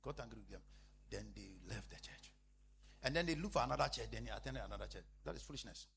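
Gravelly man preaching with sudden shouts. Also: expressive, quick pace, slight background noise. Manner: swings between shouted emphasis and quiet low asides, repeats phrases. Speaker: apostle preaching. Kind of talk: sermon.

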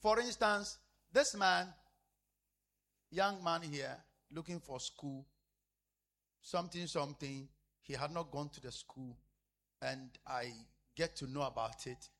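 A man preaching a sermon as a pastor, repeating phrases emphatically and swinging between loud declarations and hushed asides. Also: a little high, slow, pauses often.

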